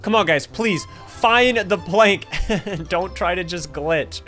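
A young man with a notably high voice narrates his gameplay with excited energy. He laughs often and keeps calling out to his teammates as he plays. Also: takes it slowly, faint music behind. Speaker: gaming YouTuber.

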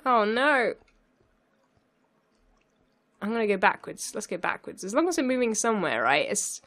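A woman's voice: medium pitch, fairly bright tone. A young woman narrating her own gameplay, flustered and laughing as she talks herself through it. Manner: flustered, self-talking, laughs often. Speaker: let's play gamer. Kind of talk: live gameplay commentary.

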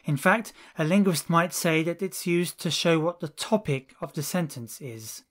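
A language teacher reading lesson drills, saying each phrase slowly and deliberately, one at a time. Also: mid-range voice, fairly bright tone.

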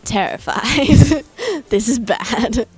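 A woman's voice: on the high side, animated, extremely slow, music in the background. A young Australian woman, an actress, chatting casually in an interview with frequent self-deprecating giggles.

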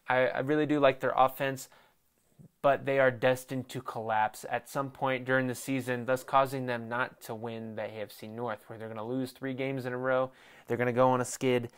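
A man's voice: medium pitch, clear, resonant tone. A young man hosting a casual sports talk show, rambling off the cuff and swearing as he mocks a rival team. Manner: profane, excitable, mocking rival team; self-deprecating, off the cuff. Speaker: sports podcast host.

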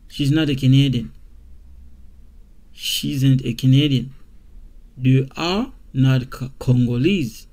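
Slow-paced man teaching grammar. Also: mid-range voice, darkish tone. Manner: repeats example sentences slowly, with many fillers. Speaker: English teacher. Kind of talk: slow classroom grammar lesson.

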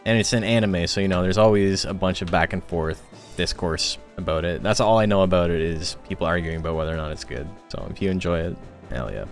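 A man with a lowish voice commentates on a game tournament stream, chatting loosely and filling pauses with "uh" and "like". Faint music plays under his talk. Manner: chatty, rambling, frequent filler words.

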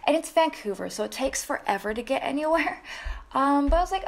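A woman's voice: high voice, animated, brisk. A young woman, a wedding photographer, telling a story in a casual, chatty vlog with lots of fillers and restarts.

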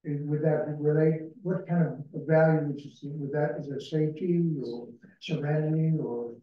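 A man's voice: a little high, fairly even intonation, moderate pace. A man facilitating a community discussion, asking probing questions with hesitant restarts. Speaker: meeting facilitator. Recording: distant, dull, echoey room.

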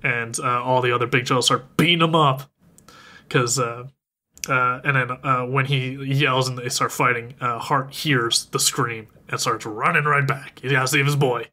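Bright and forceful, this man's mid-range voice keeps fairly even intonation at a normal speed. As co-host of a podcast, he chats casually while recounting a film's plot and performing its characters' dialogue.

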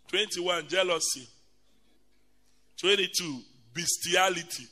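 A man preaching a sermon as a bishop, telling stories animatedly and calling out a list with loud, stressed emphasis. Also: high-pitched, normal speed, pauses often. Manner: animated, bursts into loud emphatic shouts and laughter; lists items in a loud, stressed cadence. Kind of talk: sermon with comic storytelling.

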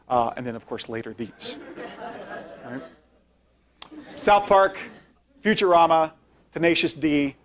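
A guest-speaking philosophy professor talks through an informal slide lecture in a conversational way, peppering it with "right?" and asking for each next slide. His voice is medium-pitched with a fairly bright tone.

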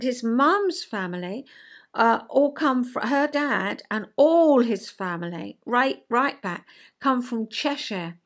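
An English woman in her sixties from South East England, with a Southern English accent, hosts a chatty solo vlog indoors at home. She rambles to camera, filling her talk with asides and little fillers. Her voice sits a touch higher than most women's and is a bit bright.

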